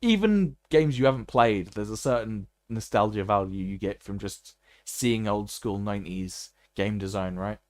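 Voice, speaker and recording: A man's voice: on the low side, moderate pace, few pauses, no echo. A man streaming a game, joking and laughing often in casual commentary. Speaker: gaming streamer. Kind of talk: live gameplay commentary.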